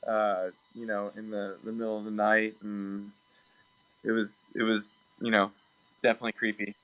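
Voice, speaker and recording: A man's voice: on the low side, level tone, moderate pace, a bit bright, no room sound, low-quality recording. A man being interviewed over a video call, talking casually and hesitantly with many ums and restarts. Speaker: production assistant and music producer.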